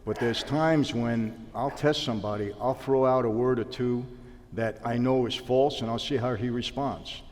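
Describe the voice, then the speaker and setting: A man's voice: mid-range voice, moderate pace, big-room sound. A man telling stories in a sit-down interview, acting out the dialogue. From New York. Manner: animated storyteller acting out dialogue. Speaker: interview guest, former mobster.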